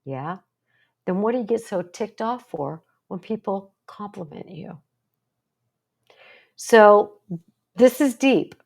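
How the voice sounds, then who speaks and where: A woman's voice: mid-range voice, expressive, slow, creaky, pauses often, a little mellow. An older woman talking to camera as a psychologist, earnest and storytelling, with plenty of rhetorical questions. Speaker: psychologist and support group host. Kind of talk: casual talk to camera.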